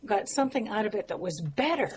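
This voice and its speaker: A woman's voice: mid-range voice, lively intonation, fast talker, slight background noise. Reflective woman songwriter, chatty. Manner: warm, reflective, frequent fillers and soft laughs. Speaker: songwriter and musician guest. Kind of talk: casual interview conversation.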